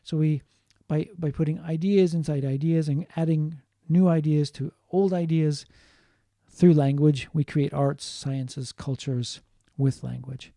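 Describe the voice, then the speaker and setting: Male lecturer, mellow tone, patient and repetitive delivery, dry close sound. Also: on the high side, steady tone, creaky, no echo. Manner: explains slowly, repeating points and adding Japanese glosses. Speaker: linguistics teacher. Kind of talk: online lecture.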